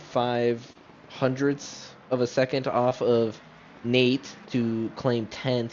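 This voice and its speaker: A man's voice: medium pitch, darkish tone. Guy casually calling a sim race, chatty and rambling, kinda dull lo-fi stream audio with a faint hum behind. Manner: chatty, self-correcting, talks straight to viewers. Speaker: sim racing commentator. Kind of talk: casual live race commentary.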